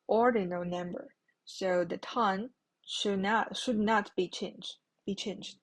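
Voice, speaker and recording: A woman's voice: mid-range voice, fairly even intonation, slow pace. A woman giving a patient Mandarin lesson, repeating each word twice as she explains the tones. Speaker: Mandarin teacher. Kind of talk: slow explanatory language lesson.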